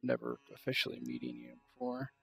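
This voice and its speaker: A man's voice: mid-range voice, very animated, brisk, gravelly, faint music behind. A man narrating a tabletop role-playing game as game master, rambling loosely with many fillers.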